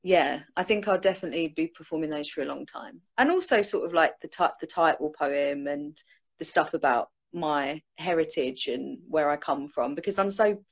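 Young woman host, casual live-stream chatter, lowish voice, phone mic at home. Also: moderate pace, breathy edge. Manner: chatty, laughing, informal. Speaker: host of her book launch. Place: home, on a sofa.

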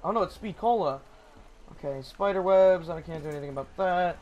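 A young man hosting a gaming channel, giving casual, excitable gameplay commentary and swearing when startled. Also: sits high, brisk, highs cut off.

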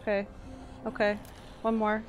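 A woman's voice: medium pitch, monotone, a little slow, background noise. A woman streaming a game live, giving an anxious running commentary full of swearing.

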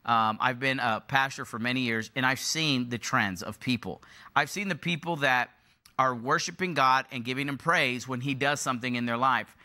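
Bright-voiced male pastor preaching. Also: normal speed. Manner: preaching, rising in pitch and intensity as he builds; repeats phrases for emphasis. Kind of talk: sermon.

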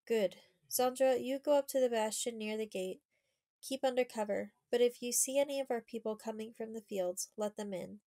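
A woman's voice: fairly high pitch, moderate pace, warm tone, lightly acted, low-quality recording. A woman reading the part of a brave fourteen-year-old girl who urgently gives orders.

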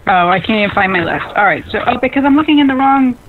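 A woman hosts a radio talk show, excitable and bubbly, often breaking into laughter. Her voice sits a little high and comes through lo-fi, phone-like radio audio. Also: fast talker, a little hiss or hum. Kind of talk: casual radio chat.

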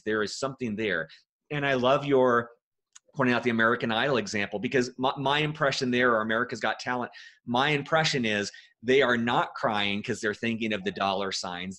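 Male podcast host, mid pitch, reflective, restarts his phrases. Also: pushed and bright. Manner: reflective, thoughtful, repeats words. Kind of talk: podcast interview.

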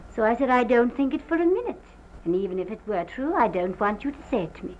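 An actress playing a distraught young wife who recounts a violent night in a halting, theatrical manner, from an early sound film drama. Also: female voice, fairly high pitch, expressive, close to an everyday voice. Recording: dull lo-fi early film soundtrack with faint hiss.

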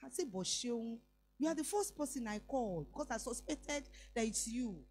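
Nigerian woman preacher, middle-aged, higher voice, emphatic storytelling sermon. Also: lively intonation, moderate pace, a little mellow. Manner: storytelling, switching into Yoruba phrases; emphatic, voice rising on declarations.

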